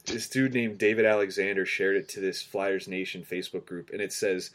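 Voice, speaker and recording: A man's voice: sits low, fairly quick, few pauses. A man co-hosting a casual sports podcast, who tells stories animatedly and acts out what people said. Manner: animated storyteller, acts out quotes. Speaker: podcast co-host.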